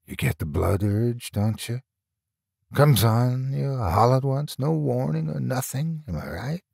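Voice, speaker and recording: A sly rural woman, read aloud by a man coaxes in a folksy, conspiratorial murmur. The voice is gravelly and slow, and it swings widely in pitch. The room is dry and close. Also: sing-song, dry recording, full character voice. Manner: folksy, coaxing, drops low and conspiratorial. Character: sly rural woman who hides a cruel streak.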